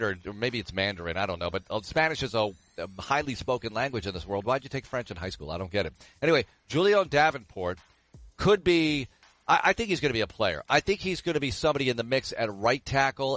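A man's voice: mid-range voice, a bit bright, no room sound. Chatty middle-aged man, dry close sound. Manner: chatty, rambling asides. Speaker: sports radio host answering listener questions. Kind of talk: casual sports talk.

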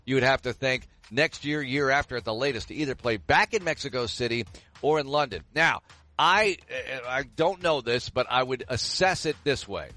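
A man's voice: medium pitch, lively intonation, normal speed, sharp tone. A middle-aged man hosting a sports show, answering listener questions in a chatty, rambling way with side remarks. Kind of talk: casual sports talk.

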